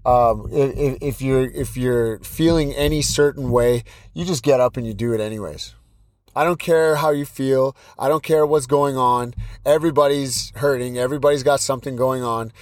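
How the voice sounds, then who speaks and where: A mid-pitched man in his thirties hosts a motivational podcast on his own. He talks bluntly and hammers his points, often restarting his sentences. The sound is dry and close. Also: normal speed, dry recording. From British Columbia, Canada. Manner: blunt, repetitive, pep-talk delivery with many restarts. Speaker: podcast host and Muay Thai coach. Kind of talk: motivational solo podcast talk.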